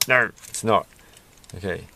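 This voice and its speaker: Lego vlogger man, gravelly low register, musing running commentary while he builds. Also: noisy background. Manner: rambling, musing, self-deprecating.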